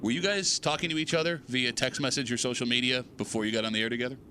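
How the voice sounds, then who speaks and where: A male radio host in a studio, bantering and teasing his co-host in an energetic way. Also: a little hiss or hum. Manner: energetic, teasing, quick to rise in pitch when arguing. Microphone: studio microphone.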